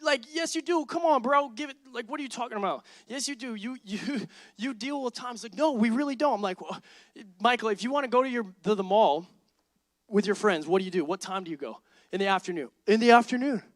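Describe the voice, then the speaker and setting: Male pastor, 30s, high voice, animated sermon storyteller, dry sound. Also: a little fast, no room sound. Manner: animated storytelling, acts out dialogue.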